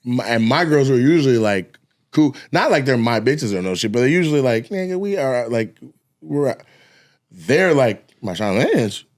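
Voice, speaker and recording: A man's voice: medium pitch, lively intonation, moderate pace. A man co-hosting a podcast, telling stories in loose, profane banter and laughing along. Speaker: co-host, comedian. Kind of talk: casual podcast chat.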